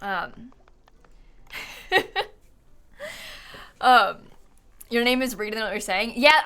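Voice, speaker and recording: A woman's voice: mid-range voice, pushed and bright. A woman from the United States live-streaming a game, chatting casually and rambling, often laughing and answering her chat.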